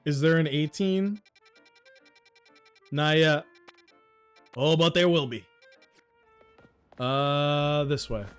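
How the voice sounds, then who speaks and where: A man's voice: fairly high pitch, drawn-out words, long pauses, smooth, faint music behind. A man streaming a game, chatting casually with friends and joking with plenty of swearing, riffing on the game's dialogue. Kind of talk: casual let's-play commentary with friends.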